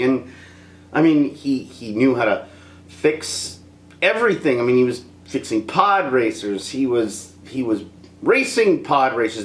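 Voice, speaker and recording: A man's voice: medium pitch, echoey room. A man giving a rambling, casual film review, laughing often and slipping into impressions.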